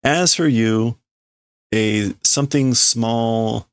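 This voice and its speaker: A man's voice: mid-range voice, drawn-out words, smooth, dry recording, studio quality. A man casually translating manga on a live stream, thinking aloud, correcting himself and chuckling as he works out meanings. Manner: musing, self-correcting, chuckling.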